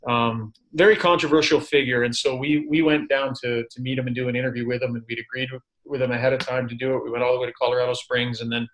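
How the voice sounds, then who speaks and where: A man who is a sports broadcaster, a podcast guest telling stories in animated, self-deprecating casual chat. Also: medium pitch, fast talker, few pauses, poor audio.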